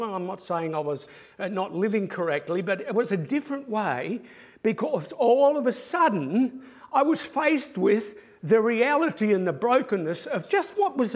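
A man, a former pastoral care pastor, telling stories in an animated sermon-style talk. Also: high-pitched. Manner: animated anecdotal storytelling.

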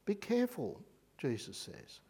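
Animated Australian preacher, a bit high. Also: male voice, unhurried, breathy edge. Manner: conversational, animated storytelling with rhetorical questions. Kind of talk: sermon.

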